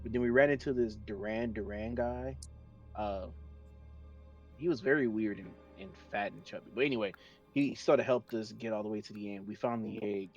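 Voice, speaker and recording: A man playing a tabletop game, chatting casually in a rambling way with stammered restarts. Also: lowish voice. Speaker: player. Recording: dull lo-fi mic.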